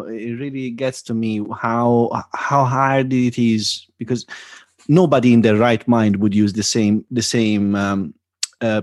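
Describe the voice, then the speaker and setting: A man's voice: mid-range voice, no room sound, clean studio sound. A man co-hosting a podcast, chatting casually and tossing in playful, teasing remarks. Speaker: podcast co-host. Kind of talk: casual chat.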